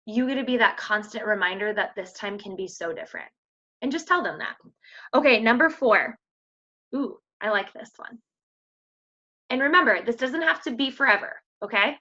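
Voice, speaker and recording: A woman's voice: fairly high pitch, animated, normal speed, bright, forceful tone, dull audio. A woman coaching her fitness team in an emphatic, slangy pep talk. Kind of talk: motivational team call.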